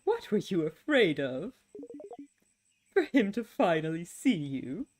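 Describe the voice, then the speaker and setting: A woman's voice: fairly low pitch, sing-song, slow pace, a little mellow, slight background noise. A woman reading aloud the lines of a mocking, theatrical star-like being in a video game, with a dramatic, taunting delivery. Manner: dramatic, taunting, mock-wounded.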